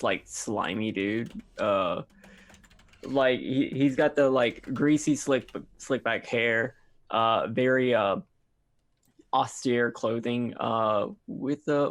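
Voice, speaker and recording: A man's voice: mid-range voice, slow, creaky. A man player casually describing his tabletop character. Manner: casual, hesitant.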